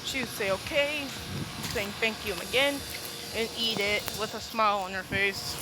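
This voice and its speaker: A woman's voice: mid-range voice, normal speed, heavy background noise. A woman improvising a fan-fiction story aloud, rambling and tacking "and all that" onto her sentences. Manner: rambling, keeps adding "and all that".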